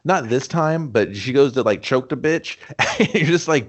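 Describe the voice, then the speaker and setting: Animated joking man retelling movie scenes. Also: mid-range voice, normal speed, few pauses. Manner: joking, profane, lively retelling with mock quotes. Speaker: podcast co-host. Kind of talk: casual movie review chat.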